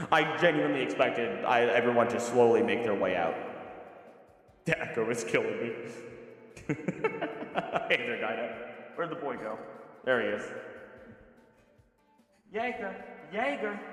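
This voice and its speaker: A man on a casual livestream, rambling playfully to his dog and slipping into excited high pet talk. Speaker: streamer and voice actor. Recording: echoey room with long reverb, background music.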